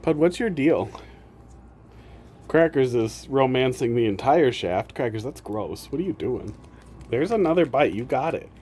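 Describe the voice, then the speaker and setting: A man's voice: medium pitch, animated, measured pace, mellow, a little hiss or hum. A man streamer chatting casually, teasing his pets and laughing often. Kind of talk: casual chat.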